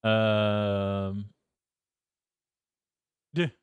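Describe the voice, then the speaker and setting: A man's voice: fairly low pitch, extremely slow, smooth, no echo, phone-quality sound. Brief: male podcast co-host, casual film talk, giggly, dry close recording. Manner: laughs often, searches script while talking. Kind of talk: casual film review chat.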